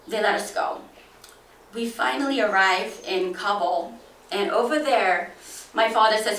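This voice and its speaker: A woman telling a dramatic first-person story, expressive, acting out each voice. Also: mid-range voice, unhurried, pauses often. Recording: echoey room, from a distance.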